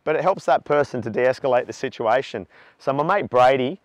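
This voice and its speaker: In a dry recording, a forty-something Australian charity walker shares his personal story in a frank, talkative interview. His mid-range voice moves a little fast, and he becomes animated while recounting stories.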